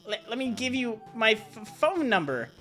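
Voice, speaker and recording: A man's voice: very high-pitched, very animated, normal speed, sharp tone, soft background music, pitched above the performer's own voice, exaggerated voice. A man voicing a nervous, nerdy female lizard scientist who stammers and hesitates, raised above his own voice. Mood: flustered. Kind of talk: streamer voicing game dialogue.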